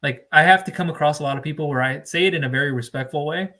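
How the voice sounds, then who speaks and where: A man's voice: a little high, sharp tone. A man talks straight to his viewers about business funding in an emphatic, lecturing way. He leans hard on key words and stretches them out to drive the point home. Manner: emphatic, lecturing, drawn-out stresses. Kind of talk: direct-to-camera advice monologue.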